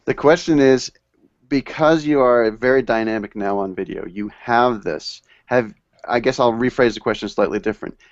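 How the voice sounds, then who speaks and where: A man's voice: medium pitch, moderate pace, dry recording. A man hosting a live video call interview, summarizing the guest's points and encouraging them. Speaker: show host. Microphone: video call mic. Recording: muffled lo-fi video call audio.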